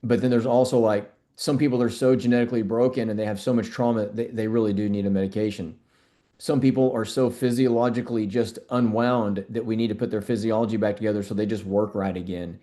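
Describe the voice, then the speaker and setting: A man's voice: fairly low pitch, fairly even intonation, quick pace, mellow. A middle-aged man, a doctor being interviewed, talking earnestly and repeating words as he thinks. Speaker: functional medicine doctor, guest. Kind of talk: conversational interview.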